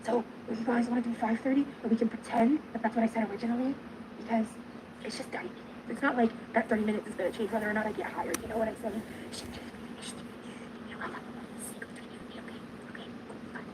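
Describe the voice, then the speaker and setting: Fast-talking high-voiced woman streamer. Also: fairly even intonation, background noise. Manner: rapid, joking, self-excusing. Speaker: livestreamer. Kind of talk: casual livestream chat.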